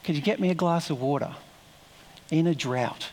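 Elijah, a calm wandering prophet, as a preacher quotes him. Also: male voice, on the high side, normal speed, a little hiss or hum, lightly acted. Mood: asking. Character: travel-worn male prophet, calm and direct.

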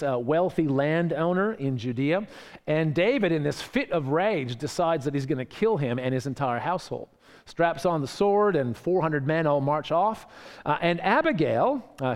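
Preacher in a reverberant hall. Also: male voice, on the high side, a little mellow. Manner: conversational, frequent "right?" tag questions. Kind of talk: sermon.

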